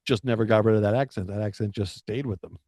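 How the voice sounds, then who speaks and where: A man co-hosting a casual chat, rambling through halting restarts. His voice is mellow and even-pitched. The sound is dry and close. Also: dry recording. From United States. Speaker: podcast co-host. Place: Florida.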